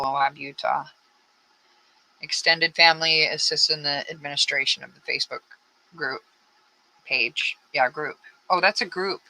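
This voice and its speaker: Female true-crime host, casual commentary, very sharp and forceful tone, rambling and blunt. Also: low-pitched, poor audio. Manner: rambling, blunt, frustrated asides.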